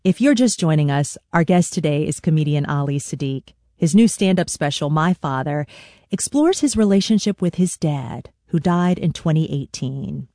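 A woman radio host giving a measured, scripted introduction. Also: sits low, expressive, mellow, dry recording, clean studio sound.

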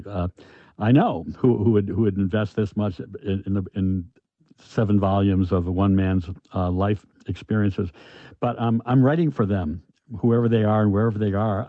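Older man, low voice, halting and reflective, dull lo-fi dry recording. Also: dry recording. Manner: halting, thoughtful, with many restarts. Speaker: author. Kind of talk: reflective interview answers.

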